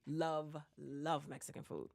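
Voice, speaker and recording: A woman's voice: a little slow, creaky, no echo, clean studio sound. A woman with a Detroit accent, a singer, telling stories in a casual radio interview and acting out the voices of the people she quotes. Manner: animated storyteller, acts out quoted voices with big pitch jumps. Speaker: guest singer. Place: radio studio. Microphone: studio microphone.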